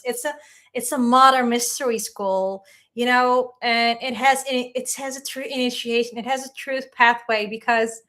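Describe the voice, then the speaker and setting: A woman with a high voice hosts a spiritual livestream and speaks in a heartfelt, rambling way. She sounds tearful, pausing to read the chat and to gather herself. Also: fairly bright tone, slight background noise. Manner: heartfelt and rambling, reading chat aloud, fighting back tears. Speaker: spiritual teacher hosting a livestream. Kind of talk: emotional livestream talk.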